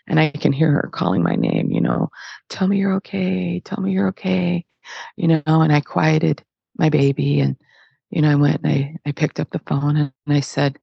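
Husky woman from detroit, halting story, repeats herself a lot, gravelly, dull lo-fi sound. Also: low voice, a little mellow, no room sound. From Detroit, USA. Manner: halting, repeats phrases, vivid retelling. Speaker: podcast guest. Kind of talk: emotional personal storytelling.

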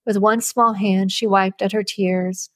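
A woman reading a novel aloud as an audiobook narrator, with steady, measured storybook narration. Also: medium pitch, no room sound.

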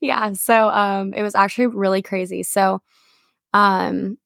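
Young female podcast co-host, chatty and rambling, slight vocal fry. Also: medium pitch, fairly even intonation, a little slow, fairly bright tone, no room sound, studio quality. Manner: chatty storytelling, many fillers. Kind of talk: casual chat.

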